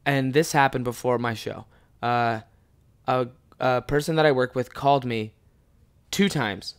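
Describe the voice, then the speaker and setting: A man in his twenties hosting a solo podcast, cursing freely and swinging from mumbled asides to loud outbursts. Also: medium pitch, measured pace, clean tone. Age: 20s. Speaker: podcast host and stand-up comic. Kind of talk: casual solo podcast chat.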